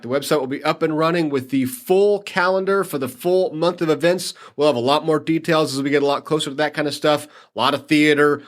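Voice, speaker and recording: A man's voice: a little high, a bit bright. A man who works as a city tourism manager, talking upbeat through upcoming events on a podcast. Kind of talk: casual interview talk.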